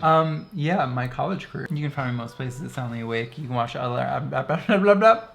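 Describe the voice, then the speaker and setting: A laid-back woman co-host with a dry, easygoing delivery. Her voice sits very low with a gravelly edge, and there is faint background noise. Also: animated, brisk. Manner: laid-back, dry, reading out thank-yous. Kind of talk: casual podcast chat.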